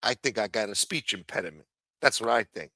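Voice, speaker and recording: A crude, sarcastic livestream host from New rambles through his rants. His tone is sharp and bright, and his voice sounds close and dry. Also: on the low side, lively intonation, a little fast, no room sound. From New York. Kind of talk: profane ranting livestream chat.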